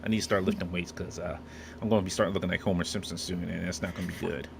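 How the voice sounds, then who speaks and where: A man's voice: low voice, fairly even intonation, rapid-fire, gravelly, background noise. A man hosting a casual podcast, joking and rambling with many restarts. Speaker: podcast host. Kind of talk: casual chat.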